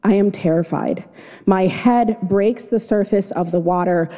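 A woman's voice: mid-range voice, a little slow, mellow. A woman telling a personal story live on stage, in a vivid, dramatic first-person way. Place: stage before an audience. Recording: long hall reverb.

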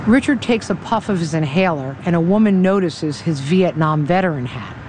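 A woman reporter narrating a news story in a measured, even, scripted delivery. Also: lowish voice, noisy background. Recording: dry close studio voice-over.

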